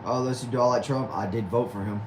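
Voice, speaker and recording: A man's voice: mid-range voice, steady tone, fast talker, background noise. A young man from Texas, hosting a casual livestream and answering viewer comments aloud. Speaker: livestream host.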